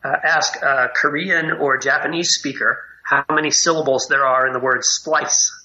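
A man's voice: medium pitch, fairly even intonation, normal speed, pushed and bright, muffled recording. A man in a casual chat, wry and questioning as he explains examples.

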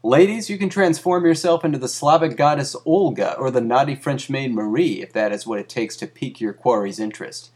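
A man's voice: medium pitch, fairly quick, few pauses, darkish tone. Dry mock-academic male narrator. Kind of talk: deadpan comic reading of a satirical article.

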